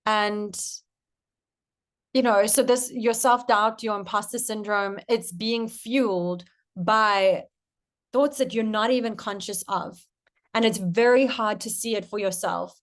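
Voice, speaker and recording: A young woman coach giving a casual masterclass to camera, chatty and swearing casually. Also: medium pitch.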